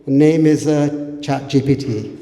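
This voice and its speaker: A man doing relaxed, conversational, self-deprecating stand-up comedy. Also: on the high side, a little slow, a little hiss or hum. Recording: echoey hall from a distance.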